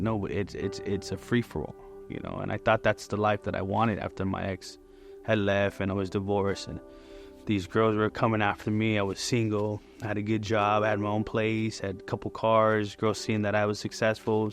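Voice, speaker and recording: A man in his forties tells his personal testimony in a candid, rambling way. His voice sits fairly low with a gravelly edge, and soft music plays underneath. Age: 40s. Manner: candid and conversational, many fillers. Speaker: church member giving testimony.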